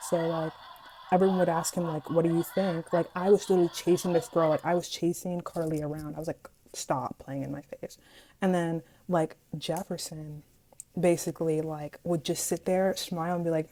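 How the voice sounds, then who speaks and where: Young woman telling a dramatic school story, kinda low and mellow, acts out the quotes. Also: level tone, a little fast. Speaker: vlogger. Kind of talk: casual storytime vlog.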